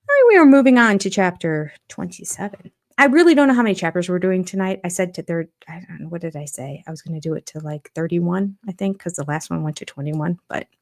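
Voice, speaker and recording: Older woman, slightly low voice, hosting a chatty livestream and reacting to comments as she goes. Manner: chatty, reacts aloud while reading comments and names. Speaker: channel host. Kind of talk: casual livestream chat.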